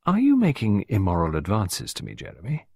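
A man's voice: lowish voice, huge pitch swings, fairly quick, gravelly, warm tone, slightly rough, dry recording, studio quality, full character voice. A man reading an audiobook, voicing a playful, teasing young woman with a light, coquettish manner.

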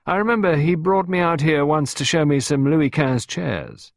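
An insolent, sneering man with a smooth, mocking delivery, voiced by a male narrator a little higher than his own low register. The tone is slightly husky and the recording is dry and close. He sounds amused at everyone's expense. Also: very animated, moderate pace, dry recording. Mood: brusque. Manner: brusque, mocking and impertinent.

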